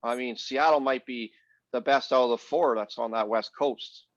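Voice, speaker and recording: A man's voice: mid-range voice, fairly even intonation, normal speed, no room sound. A man co-hosting a casual hockey podcast, blunt and sarcastic in his opinions. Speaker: podcast co-host. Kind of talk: casual sports chat. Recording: dull lo-fi, dry sound.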